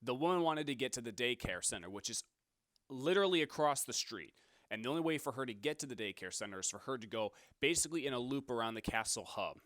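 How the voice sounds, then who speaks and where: A man's voice: mid-range voice, lively intonation, fast, a bit bright, dry recording, clean studio sound. A young man hosting a talk show, telling a work story in a casual, rambling way and correcting himself as he goes. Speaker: podcast host.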